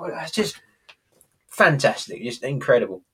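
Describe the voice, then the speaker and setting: A man's voice: mid-range voice, big pitch swings, unhurried, fairly bright tone, breathy edge. A man talking casually as a podcast co-host, enthusiastic and rambling, with frequent chuckles. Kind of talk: casual chat, retelling scenes.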